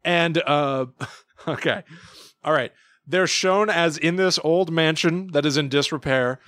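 Animated man retelling a cartoon. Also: on the high side, measured pace, clean tone, dry recording, clean studio sound. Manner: animated retelling with lots of likes. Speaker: podcast co-host. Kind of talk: casual chat.

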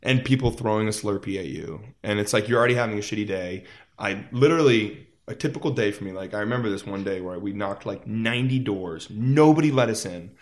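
Here a male musician in his thirties talks fairly quickly with a fairly low voice. Telling anecdotes in a casual interview, he stays animated, leans on "like," and imitates the people he quotes.

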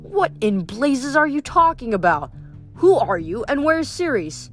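A woman voicing a pompous adult male wine god with a lazy, slow drawl. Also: sits high, very animated, a bit bright, soft background music, voice pushed up, exaggerated voice. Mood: lazy, haughty. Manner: haughty, slow, self-important.

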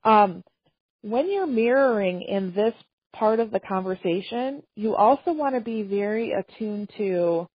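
A woman trainer giving a calm, measured talk on communication skills, acting out example phrases as she goes. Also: mid-range voice, breathy edge, dry recording. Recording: dull, slightly lo-fi dry recording.

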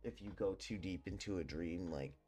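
A man's voice: deep voice, normal speed, warm tone. A young man hosting a podcast, rambling through a personal ghost story with lots of swearing and fillers. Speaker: podcast host. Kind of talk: casual storytelling.

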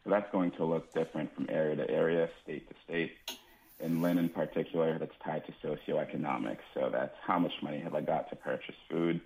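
A man with an extremely deep, gravelly voice explains things in a methodical way as an interview guest. He speaks over a thin, tinny phone line. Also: fairly even intonation, a little fast, darkish tone, a little hiss or hum. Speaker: food security program director.

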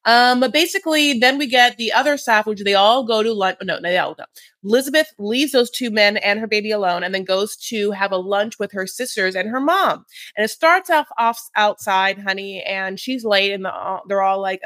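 A man's voice: high voice, normal speed, bright, forceful tone, no room sound, clean studio sound. A man co-hosting a podcast, recapping reality TV in a campy, sassy, gossipy way. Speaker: podcast co-host. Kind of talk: casual reality TV recap chat.

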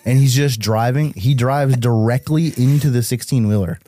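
A young man from Massachusetts, a musician guest on a podcast, telling tour stories in a casual, animated way, swearing often and saying "like" a lot. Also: mid-range voice, moderate pace, no echo.

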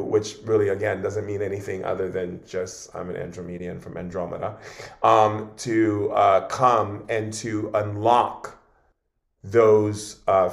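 A man who is a shaman guest on an interview show, telling a long story in an earnest, rambling way with many fillers. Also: fairly low pitch.

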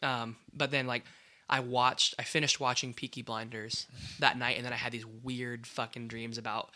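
A man's voice: mid-range voice, level tone, normal speed, bright, forceful tone. A man co-hosting a casual podcast chat, rambling with lots of "like" fillers and frequent laughs. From United States. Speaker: podcast co-host.

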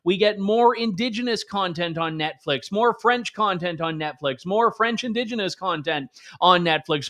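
A man's voice: high voice, a bit bright. A man hosting a political commentary show, delivering a sarcastic, conversational opinion monologue with emphatic asides. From Canada.

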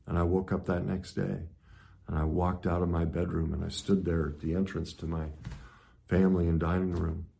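Middle-aged male speaker, very low voice, earnest motivational talk that surges loud then drops to a hush. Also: flat delivery, moderate pace, vocal fry. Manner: swings from loud intensity to hushed reflection. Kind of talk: personal story talk.

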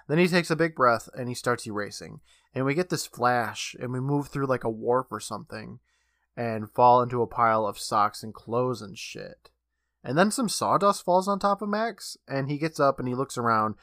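A man's voice: medium pitch, fairly bright tone, no echo, studio quality. A man co-hosting a podcast, reading upbeat announcements and recapping a TV episode in a loose, chatty way. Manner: upbeat, rapid scripted announcements, then a loose plot recap. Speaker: podcast co-host.

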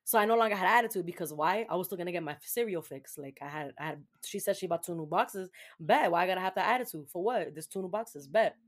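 Animated young woman telling a story. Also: on the low side, fast talker, few pauses. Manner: animated, profane, laughing storyteller; sprinkles Spanish words. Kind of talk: casual storytelling chat.

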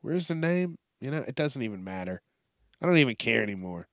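A man's voice: medium pitch, big pitch swings, a little fast, a bit bright, dry recording, clean studio sound. A young man ranting profanely and sarcastically while hosting a casual news commentary podcast. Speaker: podcast host.

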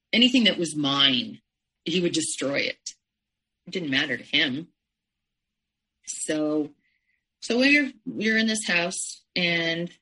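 Husky-voiced woman telling a painful story. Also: deep voice, bright, forceful tone, low-quality recording. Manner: halting, emotional, with restarts and frequent "you know". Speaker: interview guest. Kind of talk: personal storytelling in conversation.

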